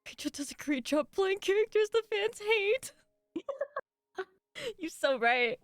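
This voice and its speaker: A woman's voice: very high voice, very animated, a little slow, no echo. A woman streamer chatting casually and jokily during a game stream, giggling often. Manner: giggly, joking.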